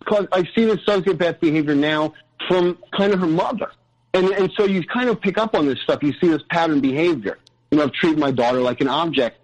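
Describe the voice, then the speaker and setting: A man's voice: a little high, low-quality recording. Earnest, rambling man with a raised voice. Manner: rambling, with many restarts and tangents; earnest, frequent "you know". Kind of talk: casual personal storytelling.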